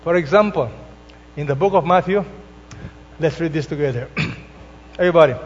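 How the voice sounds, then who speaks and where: A male pastor preaches in a high voice, taking his time and leaning hard on each quoted verse. The sound is dull and lo-fi. A long hall reverb and a faint mains hum sit behind him. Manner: slow, emphatic preaching with drawn-out scripture quotes. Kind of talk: sermon.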